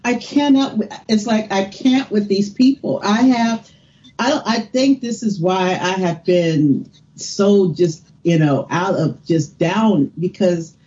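A woman ranting in casual chat, halting and exasperated, swearing freely. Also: mid-range voice, dark tone. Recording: dull lo-fi sound.

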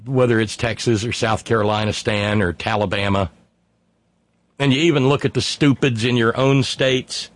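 A man's voice: medium pitch, steady tone, normal speed. A middle-aged man from West Virginia, hosting a casual talk show in a sardonic, profane monologue while reading listener emails aloud. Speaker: podcast host.

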